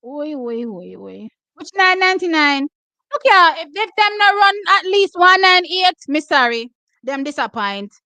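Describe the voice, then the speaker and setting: A high, bright Jamaican woman reacts to the races at full volume, hoarse and nearly out of voice. She jumps between patois and English as she cheers and breaks things down. The sound is close and dry, with no room around it. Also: unhurried, dry recording, rough recording. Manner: excitable, loud exclamations, switching between patois and English. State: hoarse, losing her voice. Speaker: track and field watch-party host. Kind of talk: live race reaction commentary.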